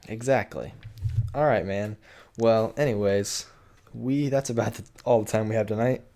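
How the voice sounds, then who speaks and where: Low-voiced young man co-hosting a podcast. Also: moderate pace, vocal fry. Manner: relaxed, agreeable, repeats himself. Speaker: podcast co-host. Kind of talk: casual podcast chat.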